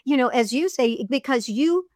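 Her voice is high and a little mellow, with lively intonation: a middle-aged woman, voiceover artist and audiobook narrator, chatting casually in an interview, spinning stories and quick to laugh. The sound is dry and cleanly studio-recorded.

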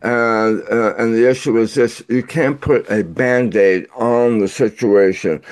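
A man in his eighties speaks as an interview guest, laying out his points in an earnest, lecturing tone. He takes his time, moving at a slow, deliberate pace and pausing on filler sounds, and his voice sits at an ordinary middle pitch. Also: clear, resonant tone. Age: 80s. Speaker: guest author. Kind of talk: interview answer.

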